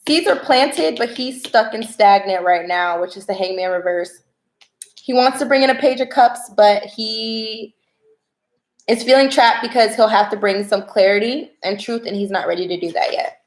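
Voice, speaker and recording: A young American woman reading tarot cards and chatting casually with viewers on a livestream, excitable and talkative. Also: a little high, moderate pace, echoey room. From United States. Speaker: tarot reader.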